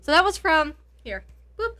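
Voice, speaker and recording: A woman co-hosting a casual book podcast from her basement, chatty and giggly, quick to get teary. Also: very high voice, sing-song, bright, forceful tone, no room sound. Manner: giggly, chatty, easily moved to tears. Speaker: podcast co-host. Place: home basement.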